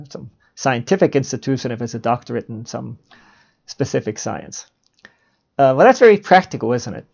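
Heard through muffled lo-fi audio, a middle-aged man hosts a solo podcast, reflecting and asking himself rhetorical questions he goes on to answer. His medium-pitched voice is gravelly, expressive and a little mellow, at a normal speed.

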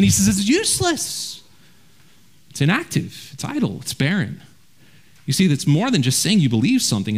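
A man preaching a verse-by-verse sermon as a pastor, earnest and direct, often dropping low and quiet to drive a point home. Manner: earnest preaching, drops low and quiet for emphasis, repeats words when restarting.

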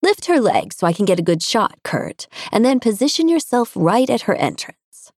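A woman narrator voicing a brisk, matter-of-fact female photographer who speaks quickly and higher than the narration. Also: big pitch swings, a little mellow, husky, no room sound, studio quality.

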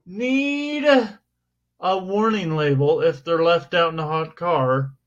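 A man's voice: on the high side, takes it slowly. Man co-host, casual comic rant, exaggerated outrage, dull lo-fi recording. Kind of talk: casual complaint chat. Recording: dull lo-fi sound.

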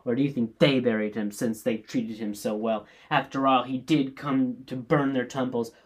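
A man's voice: medium pitch, fairly even intonation, normal speed, breathy edge, close to an everyday voice. A man reading the part of an angry, blustering king in a play, speaking in a commanding, raised voice. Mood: wrathful.

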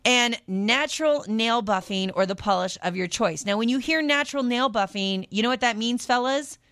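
A woman's voice: mid-range voice, a bit bright, no room sound. A middle-aged woman hosting a casual radio deal segment, chatty and upbeat, drifting into tangents with laughs. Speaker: radio host. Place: radio studio.

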